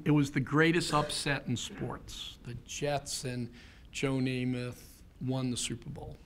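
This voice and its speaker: A man's voice: a little high, vocal fry, a bit bright, slight background noise. A man in his fifties giving a keynote talk, telling a personal story in an earnest way and building to rhetorical questions. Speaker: keynote speaker.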